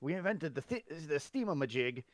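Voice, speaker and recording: A hopeful inventor who talks in a halting, proud way, voiced by a man in a raised pitch. The sound is dry and close, from a tabletop game. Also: big pitch swings, no room sound.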